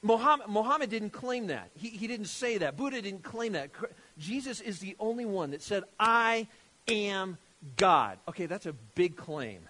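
A man preaching a sermon, emphatic and animated, often restarting his phrases. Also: high-pitched, fairly quick, few pauses. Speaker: pastor.

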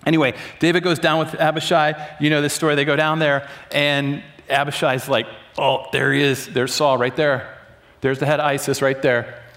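A middle-aged man preaching a sermon, telling stories and acting out the quoted lines with sudden jumps up in pitch. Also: flat delivery, moderate pace, fairly bright tone. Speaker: pastor.

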